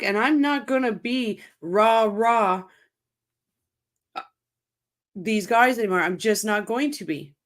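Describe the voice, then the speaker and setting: Angry woman ranting slowly on a livestream. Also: mid-range voice. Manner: heated, swearing, speaks in short repeated bursts. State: angry and upset. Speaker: channel host reacting to a court case. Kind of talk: livestream commentary, reading chat.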